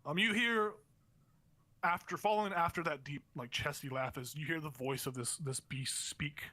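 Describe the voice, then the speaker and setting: A man's voice: on the high side, moderate pace, sharp tone. A young man running a tabletop game as game master, narrating in a rambling way with many fillers and restarts.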